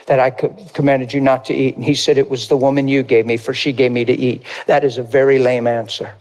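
A middle-aged man preaching a sermon, telling stories and acting out other people's voices in high squeals. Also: flat delivery, a little fast, a little mellow.

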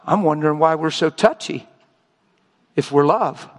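An older man preaching a sermon, telling stories and acting out both sides of conversations with lively, emotional delivery. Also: a little high, a little slow, in a large hall. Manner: animated storytelling, acting out dialogue.

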